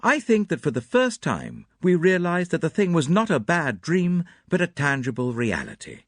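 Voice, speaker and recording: A man reading a mystery novel aloud as an audiobook narrator, with an expressive, dramatic delivery. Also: a little high, normal speed, no room sound, studio quality. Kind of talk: scripted narration.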